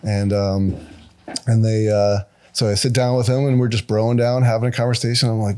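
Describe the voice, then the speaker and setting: Animated man telling stories on a podcast. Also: lowish voice, moderate pace. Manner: animated, acts out quotes with raised voice. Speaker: guest tattoo artist. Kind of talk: casual podcast storytelling.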